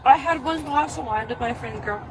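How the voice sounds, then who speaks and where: A woman's voice: high-pitched, moderate pace. A woman in her twenties, stopped by police at the roadside, stammering and apologizing in a flustered way. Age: 20s. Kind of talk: real bodycam exchange. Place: roadside traffic stop at night. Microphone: officer's bodycam. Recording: noisy roadside bodycam audio.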